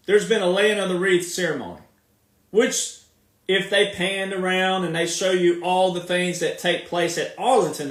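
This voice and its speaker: Here a male commentator with a high, slightly bright voice and a Southern accent repeats himself emphatically, lingering on his words. The casual monologue echoes around the room since he's talking off the mic.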